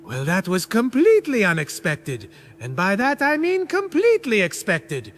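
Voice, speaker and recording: A synthetic voice playing a smug cartoon villain who speaks with slow, sarcastic emphasis. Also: medium pitch, huge pitch swings, a little hiss or hum. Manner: sarcastic, drawn-out.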